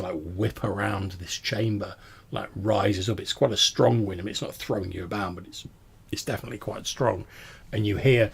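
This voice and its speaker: A man's voice: on the low side, gravelly, husky. A man narrating as game master of a tabletop game over a call, describing scenes at length with lots of fillers.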